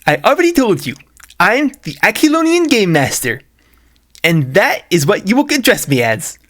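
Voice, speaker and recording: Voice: medium pitch, sing-song, moderate pace, fairly bright tone, pitched above the performer's own voice. A man voicing a pompous male character who calls himself a game master, speaking in a ridiculous put-on accent.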